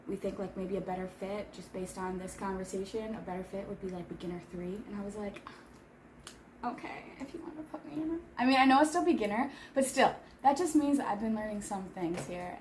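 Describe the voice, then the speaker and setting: A woman's voice: mid-range voice, a little mellow, slight background noise. A woman in her thirties chatting casually on a vlog while eating, rambling with lots of filler words. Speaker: vlogger. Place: home in Seoul.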